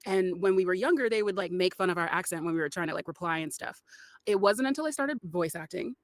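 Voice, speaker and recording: A woman's voice: on the low side, animated, quick pace, no room sound. A woman voice actor, a guest on a podcast, chatting casually with lots of laughs, fillers and restarts. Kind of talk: casual podcast interview chat.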